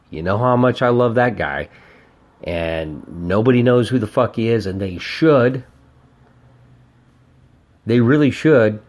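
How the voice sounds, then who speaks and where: A man hosting his own podcast, reviewing an old album in a casual, rambling way, swearing often and getting excited about the music. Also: fairly low pitch. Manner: profane, rambling and enthusiastic. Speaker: podcast host.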